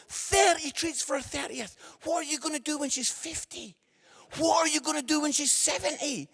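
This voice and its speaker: A middle-aged man telling comic stories in a sermon, animated and bursting into shouts, often tagging lines with "yeah?". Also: very high-pitched, moderate pace, gravelly. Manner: animated, shouting for effect, lots of tag questions. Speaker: comedian evangelist.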